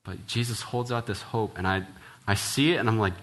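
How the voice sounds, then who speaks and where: A man's voice: lowish voice, brisk. A man, a church minister, preaching an earnest, conversational sermon, often checking in with "right?" and restarting his sentences. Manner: casual, frequent "right?" tag questions and restarts; earnest, ends in quiet prayer.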